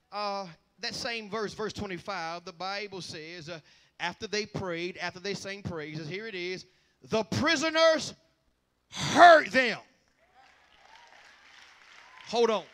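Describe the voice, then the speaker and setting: A man with a Southern accent preaching a revival sermon, shouting in bursts and filling pauses with "uh". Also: high-pitched.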